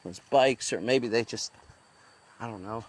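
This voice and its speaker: A man's voice: mid-range voice, a little slow. A man vlogging as he hikes through the jungle outdoors, thinking aloud as he goes. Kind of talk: talking to camera while hiking. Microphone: handheld phone.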